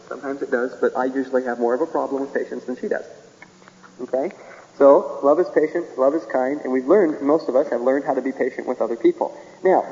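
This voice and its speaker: A man delivers a sermon in a homey, chuckling manner, acting out small exchanges as he goes. His voice is mellow and warm. The sound is a dull, lo-fi radio recording with a long hall echo. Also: mid-range voice. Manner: folksy, chuckling, acts out little dialogues. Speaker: preacher.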